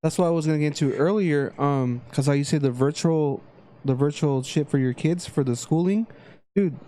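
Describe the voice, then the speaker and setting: A man chats on a podcast in an unhurried, easygoing way, dropping casual curses. His tone is dark and mellow. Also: on the high side. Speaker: podcast co-host. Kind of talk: casual chat.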